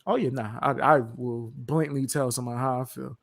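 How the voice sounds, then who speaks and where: A man's voice: medium pitch, steady tone, brisk, vocal fry, crowd noise. A young man co-hosting a stream in casual chat, explaining his points bluntly and laughing often. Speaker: stream co-host.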